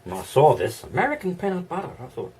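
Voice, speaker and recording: A man's voice: on the high side, wildly swooping pitch, fast, darkish tone, far from the mic, slight background noise. An Australian man chatting casually in a vlog, rambling, thinking aloud and chuckling often, recorded indoors. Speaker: vlogger. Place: indoor room.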